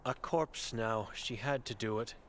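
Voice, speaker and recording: A man's voice: mid-range voice, a bit bright, slight background noise, natural voice. A man reading for a cryptic old blind woman. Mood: grim. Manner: terse broken phrases, read slowly from chalk.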